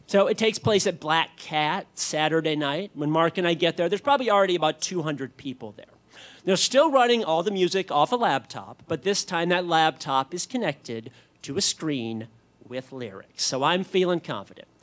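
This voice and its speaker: A man in his thirties telling a comic personal story on stage, animated with sudden loud peaks. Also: a little high. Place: on stage at a club.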